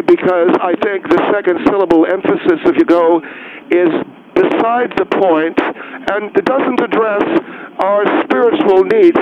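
A man's voice: sits high, natural voice. An actor playing a self-important male caller in a radio comedy sketch, pompous and flustered, stumbling over his words. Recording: muffled radio broadcast with crowd noise.

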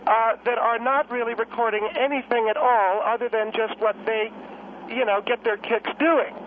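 A man's voice: very high-pitched, fairly even intonation, moderate pace, a little hiss or hum, voice pushed up. A man voicing a prim, indignant older woman who is a guest on a talk radio show. She scolds and asks pointed, self-righteous questions. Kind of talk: comic talk-radio role-play. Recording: tinny phone line.

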